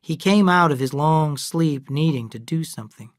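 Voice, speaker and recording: A narrator reading a classic novel aloud in slow, clear, evenly paced English for learners. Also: mid-range voice, no echo, studio quality.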